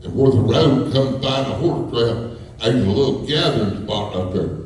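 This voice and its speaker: A man's voice: mid-range voice, lively intonation, normal speed, darkish tone. A man telling folksy, rambling stories to a live audience, chuckling as he goes. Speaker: storyteller. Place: school hall with a live audience. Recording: echoey hall from far off, faint hum.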